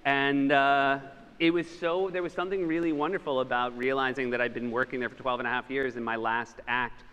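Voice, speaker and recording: A man's voice: mid-range voice, steady tone, fairly quick, a bit bright, clear, resonant tone, in a large hall, lo-fi sound. A man wryly recounting a work memory on a conference stage. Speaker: late-night host and panel guest. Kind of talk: stage conversation telling an anecdote. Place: conference stage in a large hall.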